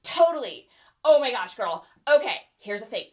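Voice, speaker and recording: A woman's voice: fairly high pitch, sing-song, normal speed. A woman voicing a dramatic 1980s teenage girl who gossips on the phone in valley-girl slang. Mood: gossipy.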